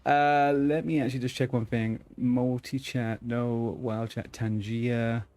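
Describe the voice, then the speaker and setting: A man's voice: medium pitch, level tone, measured pace, darkish tone. A man streaming a game, chatting casually to viewers, swearing often and restarting his sentences. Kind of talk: casual live-stream chat.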